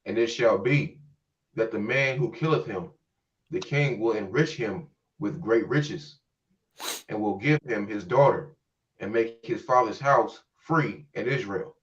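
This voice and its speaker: Low distant man reading scripture. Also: unhurried. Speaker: scripture reader. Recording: dull, distant mic.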